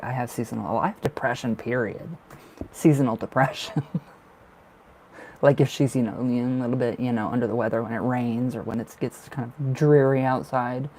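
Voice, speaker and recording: On a live stream, a man with a mid-range, somewhat dark voice gives tarot readings. He's chatty and reassuring, and his talk is full of fillers and emotion.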